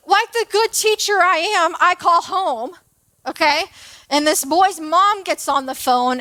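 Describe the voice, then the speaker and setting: High-voiced chatty woman preaching. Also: measured pace, no room sound. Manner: chatty, animated, checks in with the audience often. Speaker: preacher and former teacher. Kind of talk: storytelling sermon. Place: church auditorium.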